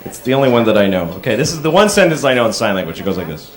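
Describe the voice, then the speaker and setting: A man doing a stand-up comedy routine on stage, telling conversational stories and breaking into sudden shouted bits, recorded live in a club with audience laughter. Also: mid-range voice, big pitch swings, rapid-fire.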